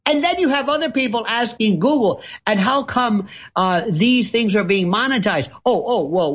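A man's voice: extremely high pitch, big pitch swings, unhurried, hardly any pauses, a bit bright. A man speaking as a guest commentator, theatrical and sarcastic, with an ornate vocabulary and mocking put-on voices. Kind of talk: ranting talk-show commentary. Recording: dull lo-fi audio.

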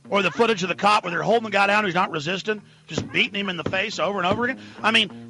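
A male radio host in a ranting political monologue, dropping to low mutters and then rising to shouts. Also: slightly rough.

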